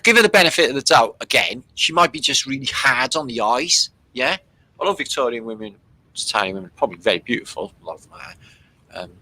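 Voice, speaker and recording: A man's voice: medium pitch, sharp tone, rough recording. A British man hosting a casual livestream, rambling and swearing freely as he comments on images. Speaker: livestream host.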